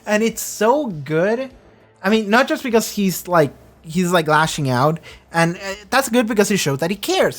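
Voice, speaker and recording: A reactor giving rambling, enthusiastic, profanity-laced casual commentary on a show. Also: medium pitch.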